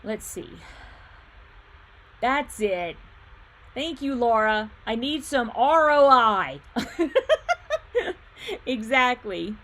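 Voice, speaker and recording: A quilt shop owner running a laid-back livestream reads viewers' comments aloud, mulling things over, laughing easily, and humming fillers as she fiddles with her screen. She talks extremely slowly with frequent pauses, in a somewhat high, expressive, fairly bright voice.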